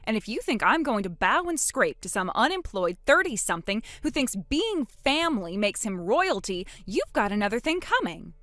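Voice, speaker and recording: A woman's voice: a little high, big pitch swings, moderate pace, few pauses, no room sound. Sarcastic woman narrating a text story. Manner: sharp, sarcastic comebacks.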